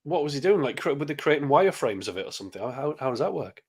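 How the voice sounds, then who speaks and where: A man whose voice sits a little high, chatting casually on a podcast. He chips in with quick wisecracks and laughs easily at the other speaker's stories. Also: very animated, slightly rough. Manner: quick joking replies, laughs along. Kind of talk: casual chat.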